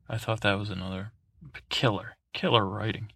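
A man's voice: lowish voice, fairly even intonation, moderate pace, creaky, sharp tone, slightly rough, dry recording, clean studio sound. A man hosting a sleep podcast, recapping in a meandering, digressive way full of fillers and restarts. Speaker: podcast host.

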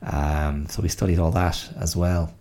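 A podcast host in his fifties talks through a casual solo monologue, reflective and halting, with many pauses and fillers. His voice is low and dark, with little movement in pitch.

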